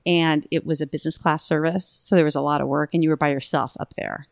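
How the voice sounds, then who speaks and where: A middle-aged woman hosts a casual chat about her work as a flight attendant. Her voice carries some vocal fry and sounds dry and close. She tells stories with real animation, acting out the voices and shrieks. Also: sits low, fairly even intonation, quick pace, no room sound. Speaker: flight attendant and podcast host.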